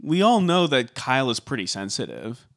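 A man's voice: medium pitch, sing-song, moderate pace, vocal fry. A man co-hosting a podcast, recapping a reality show in casual chat and hedging with likes and ums. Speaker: podcast co-host.

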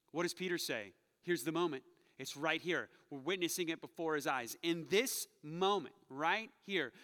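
Lively high-voiced man preaching. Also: big-room sound. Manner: animated storytelling, acts out quotes. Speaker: pastor. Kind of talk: sermon. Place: church sanctuary.

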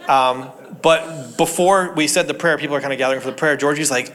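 Bright-voiced joking man preaching. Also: medium pitch, fast, hardly any pauses. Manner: jokey, animated, laughs at his own stories. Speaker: pastor. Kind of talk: sermon with personal storytelling.

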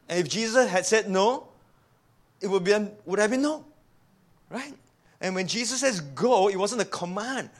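A man with a notably high-pitched voice preaches an animated sermon. He presses his points with rhetorical questions and often repeats a word as he restarts a sentence. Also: moderate pace. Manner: repeats words when restarting.

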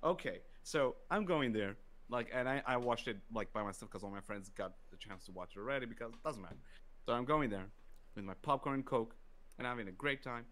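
A man telling a story in casual podcast chat, profane and animated, acting out quotes. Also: medium pitch, brisk.

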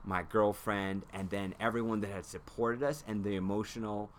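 A man's voice: fairly low pitch, steady tone, moderate pace, a little hiss or hum. A man chatting casually as a guest, telling an emotional story about finishing a long race and acting out what he said then. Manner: emotional storytelling, acts out his own past outbursts. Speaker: guest, ultrarunner in a film. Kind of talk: casual podcast chat.

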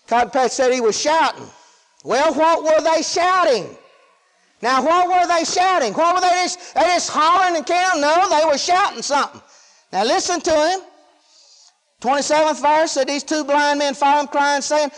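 A man preaching a sermon in a folksy way, swinging between shouted lines and hushed asides. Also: very high voice, lively intonation, moderate pace. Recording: long hall reverb.

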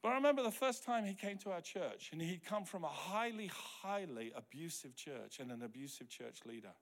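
Pastor preaching with animated storytelling. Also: male voice, a little high, brisk. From New Zealand. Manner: storytelling, acting out quoted dialogue; drops to a soft, quiet voice for tender moments. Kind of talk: sermon.

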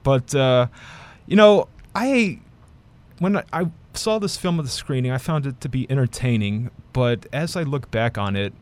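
A man's voice: mid-range voice, expressive, moderate pace, clear, resonant tone. A man reviewing films in a casual chat, rambling with many fillers and restarts. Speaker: film critic.

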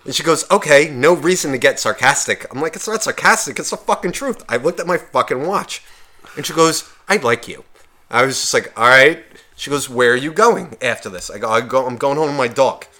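On a podcast, a young male co-host with a bright, forward, mid-pitched voice tells a bar story a little fast. He swears constantly and animatedly acts out all the dialogue, voicing each person in turn in this casual storytelling chat.

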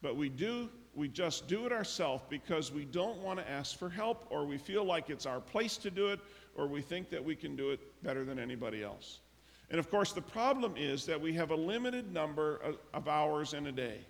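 A man preaching a sermon as pastor, telling stories and acting out the characters' lines with lively emphasis. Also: on the high side, normal speed, creaky. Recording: long reverb of a large hall.

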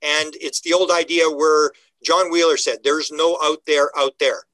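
A man with a bright, forceful voice, a little higher than most, guests on an interview and tells his stories with animated energy. He acts out the people he quotes with big jumps in pitch. The recording is dry and close. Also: unhurried, dry recording, poor audio. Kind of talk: animated conversational storytelling.

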